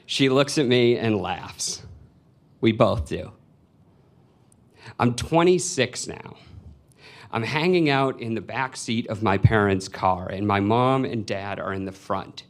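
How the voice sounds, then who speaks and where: A man's voice: on the low side, a little slow. A man in his twenties telling a personal story live on stage, in a wry, confessional way. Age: 20s. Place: stage before a live audience.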